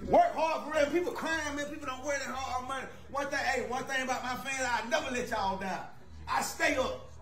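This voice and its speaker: A man playing a fed-up football fan in a comedy skit, who talks loudly, swears and uses Southern slang as he throws a friend out of his house. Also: very high-pitched, fairly quick, faint music behind. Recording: roomy sound with crowd noise.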